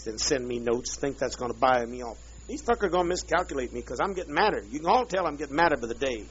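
A man's voice: medium pitch, lively intonation, fast, few pauses, fairly bright tone, slight background noise. Brief: man ranting at a group, bitter and profane, drawling, muffled old tape. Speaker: leader addressing a group. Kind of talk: angry profane rant. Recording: dull lo-fi archive tape.

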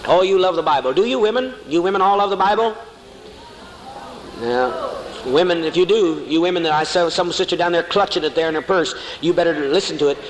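A man's voice: fairly high pitch, expressive, brisk. A male preacher delivering a fiery, mocking sermon to a congregation, calling listeners honey. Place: church hall before a congregation. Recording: echoey hall with faint noise.

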